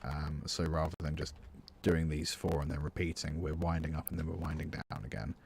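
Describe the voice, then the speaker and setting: Deep gravelly British man teaching. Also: steady tone, a little fast, darkish tone, slight background noise. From United Kingdom. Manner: chatty, thinks aloud, answers chat between steps. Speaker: music teacher and streamer. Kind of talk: live-streamed composition tutorial.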